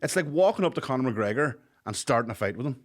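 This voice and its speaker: A man's voice: mid-range voice, animated, fast. A man, co-hosting a podcast in casual banter, chatty, laughing along and swearing casually. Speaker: podcast co-host.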